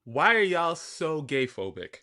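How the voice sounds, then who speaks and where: A man's voice: a little high, sing-song, a little slow, sharp tone. A man in his forties with a New York accent, co-hosting a casual podcast chat, emphatic and laughing often. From New York, family from Guyana. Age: 40s. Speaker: podcast co-host.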